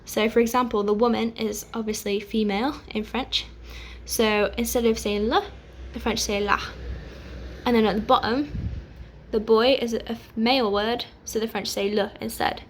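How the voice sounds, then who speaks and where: A young woman teaching an online language lesson, patient and clear, pausing to let learners repeat after her. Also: a little high, fairly even intonation, slight background noise. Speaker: French teacher.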